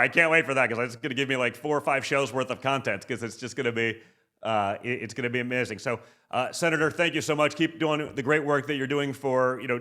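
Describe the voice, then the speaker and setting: A man hosting a political interview show, talking quickly and emphatically and tagging his asks with "okay". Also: on the high side, fairly bright tone. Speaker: podcast host.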